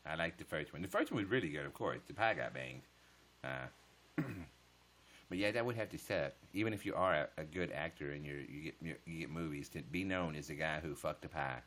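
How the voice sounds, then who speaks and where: A man's voice: very deep voice, lively intonation, brisk, a bit bright. A man chatting casually on a livestream, answering viewer comments with profane smart-aleck jokes.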